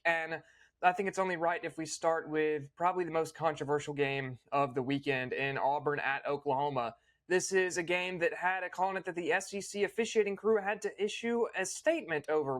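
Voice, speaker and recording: Young guy breaking down games, kinda high voice, opinionated. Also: a bit bright. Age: young adult. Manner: fluent, opinionated, quick asides with small restarts. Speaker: host. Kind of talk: casual sports recap.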